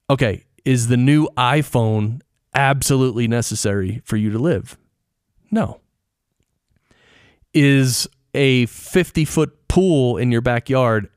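A man's voice: mid-range voice, no room sound. A middle-aged man hosting a podcast, explaining things casually and asking the listener questions, close to his microphone in a treated home studio. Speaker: podcast host and audio engineer. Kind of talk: casual solo podcast talk.

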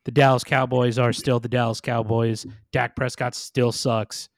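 Man, podcast producer, sardonic, swears, mid pitch, dry. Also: flat delivery, measured pace, no echo. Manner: blunt, sardonic, swears freely. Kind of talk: casual sports chat.

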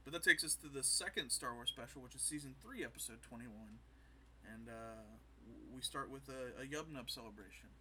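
A man co-hosting a podcast, casually recapping a show and acting out scenes with quick quoted voices. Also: medium pitch, pushed and bright, a little hiss or hum. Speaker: podcast co-host.

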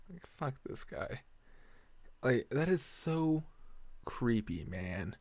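A man spinning a casual story full of swearing, laughing often as he acts out each back-and-forth. His voice is dry and close, with no room sound, at an ordinary middle pitch. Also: drawn-out words, long pauses, no room sound. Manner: profane, laughing often while telling the story; animated retelling, acting out exchanges.

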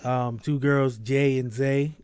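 A man's voice: medium pitch, fairly even intonation, slow pace, darkish tone, clean tone. A man hosting a podcast in casual chat, laid-back and slangy, laughing often, with a sore throat. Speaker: podcast host.

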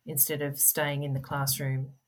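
A middle-aged woman guest in an interview, explaining things in an earnest, gentle, conversational way. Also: very deep voice, flat delivery, moderate pace. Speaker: podcast guest, parent advocate.

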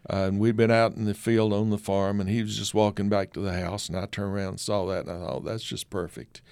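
A man's voice: fairly low pitch, little pitch movement, quick pace, vocal fry, a little mellow, clear, resonant tone, no echo. An older man, a photographer, telling folksy stories as a guest in a conversation. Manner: folksy, anecdotal, many fillers. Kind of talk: storytelling in conversation.

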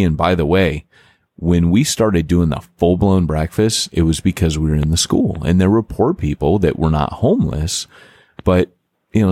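A man hosting a casual podcast, talking in an animated way, full of "like" and quick restarts. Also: low-pitched, no echo. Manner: animated, filler-heavy, lots of "like" and restarts. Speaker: podcast host and church planter.

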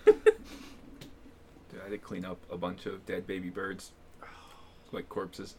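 A man's voice: low voice, level tone, unhurried, a little hiss or hum. Young man telling casual anecdotes. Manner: laid-back, profane anecdotes. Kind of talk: casual chat.

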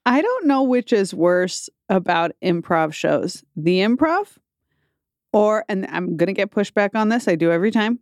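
A woman's voice: medium pitch, expressive, moderate pace, darkish tone, dry recording, clean studio sound. A woman hosting a podcast, talking casually, laughing often and swearing. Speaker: podcast host.

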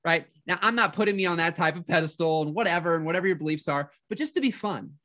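A man who works as a life coach, giving an energetic motivational talk, telling a personal story with frequent restarts. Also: on the high side, quick pace.

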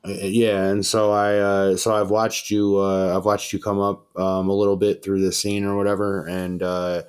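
A man's voice: sits low, little pitch movement, normal speed, clear, resonant tone. A young man hosting a casual chat, telling a long story in a laid-back, profane way with many fillers and acted-out quotes. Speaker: podcast host.

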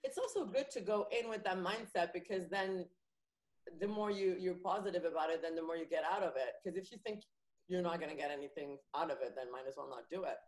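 A woman comedian chats as a podcast guest, spinning lively stories and breaking into laughter. Her voice sits a little low. The room is echoey around her. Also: fairly quick. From France. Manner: chatty, laughs often, lively anecdotes. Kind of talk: casual podcast chat.

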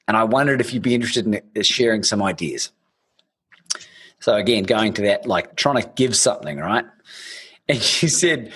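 A podcast host with a medium-pitched, fairly bright voice tells stories during a casual interview chat. He rambles, restarts frequently and swears.

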